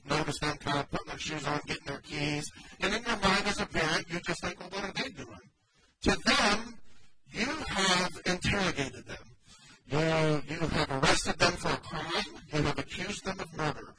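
A man preaching a sermon in church, in a conversational way, often acting out the voices of the people he quotes. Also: on the high side. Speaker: pastor. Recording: loud background noise.

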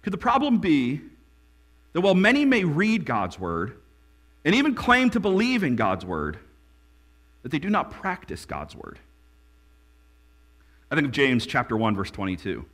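A man preaching a sermon as a pastor, building to emphatic peaks and dropping to quiet lines. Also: on the high side, wildly swooping pitch, moderate pace, long pauses.

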